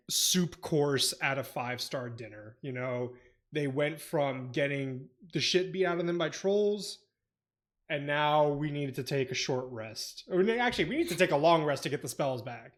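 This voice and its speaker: A young man with a slightly higher voice co-hosts a casual book podcast. He jokes in a mock-solemn, theatrical way and laughs often. He slows down and steadies when he reads plot summaries. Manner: reads synopsis in a quieter, steadier voice. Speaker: podcast co-host.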